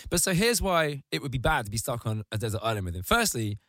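A man's voice: mid-range voice, big pitch swings, fast, a bit bright, no room sound. A man in casual comedic podcast chat, ranting sardonically with crude, vivid insults.

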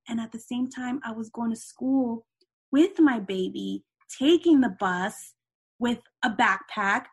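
A woman's voice: fairly high pitch, fairly bright tone. A middle-aged woman talking casually as an interview guest, filling her speech with "you know" asides.

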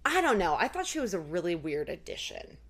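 A woman with a slightly low voice talks through a sitcom episode in loose, casual podcast chat. She fills her sentences with "like" and briefly acts out the characters' lines as she goes. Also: very animated, a little fast. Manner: chatty, recounts scenes with lots of "like". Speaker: podcast co-host.

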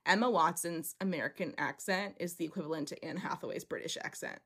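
A woman's voice: lowish voice, quick pace, fairly bright tone, husky. A young woman co-hosting a podcast in casual chat, playful and teasing, laughing often. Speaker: podcast co-host.

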